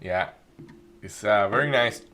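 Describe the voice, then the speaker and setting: A man doing live trading commentary, thinking aloud with many restarts and halting phrases. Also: on the low side, background noise. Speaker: day trading streamer.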